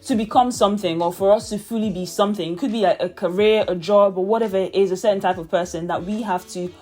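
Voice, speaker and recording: A young woman from Nigeria with a British English accent, chatting to camera in a reflective, easygoing way. Her voice sits at an ordinary middle pitch, and she fills her talk with "like" and "um" and laughs lightly as she goes. There is faint music under her voice. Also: fairly even intonation, fast, darkish tone. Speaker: vlogger. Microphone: camera mic, talking to camera.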